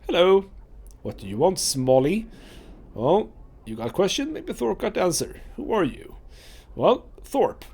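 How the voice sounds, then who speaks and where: A man's voice: sits high, big pitch swings, a little slow, vocal fry, long pauses, darkish tone, husky, pitched above the performer's own voice, exaggerated voice. A man voicing a huge, dim-witted male brute warrior who talks in broken, simple speech. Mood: blunt.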